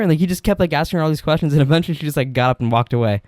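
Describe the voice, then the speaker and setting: Man on a podcast, fairly high voice, chatty storyteller, dry close sound. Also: rapid-fire, darkish tone, dry recording. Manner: rambling storyteller, restarts, swears. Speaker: podcast co-host. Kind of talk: casual podcast chat.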